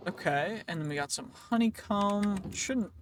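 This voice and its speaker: A man's voice: high voice, lively intonation, unhurried, a little hiss or hum. A man giving casual, rambling gameplay commentary, joking and talking to game characters, his voice wearing out. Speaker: gaming video creator.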